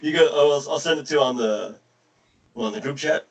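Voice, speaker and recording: A man's voice: on the high side, a little fast. A man co-hosting a casual podcast, rambling through stories with loose swearing. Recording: roomy echo.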